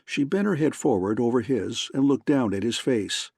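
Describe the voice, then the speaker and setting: A male narrator reads a novel aloud in measured, scripted storytelling. His voice is gravelly at a middle pitch, and the recording is close and dry. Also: expressive, a little mellow, dry recording. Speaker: audiobook narrator.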